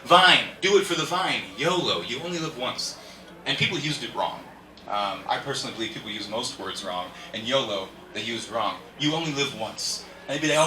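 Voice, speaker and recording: A man's voice: mid-range voice, expressive, moderate pace, sharp tone. A man doing a rambling, self-deprecating stand-up comedy set on a club stage. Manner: rambling, self-deprecating, chatty asides to the crowd. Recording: echoey room, from far off, faint noise.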